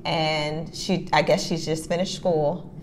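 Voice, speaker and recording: A woman co-hosting a casual podcast chat, retelling a story with lively back-and-forth voices for each person. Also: low voice, slow, slight background noise. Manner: animated storyteller who acts out both sides of a text exchange. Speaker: podcast co-host.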